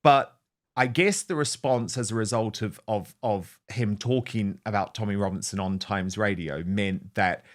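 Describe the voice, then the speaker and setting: Man hosting a political talk show. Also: lowish voice. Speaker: show host. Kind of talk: casual political chat.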